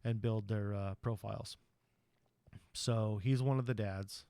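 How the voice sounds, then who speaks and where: Low-voiced man recapping a movie. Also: fairly even intonation, a little slow, dark tone, smooth, no room sound. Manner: rambling, chatty retelling with frequent ums and you-knows. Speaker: podcast host.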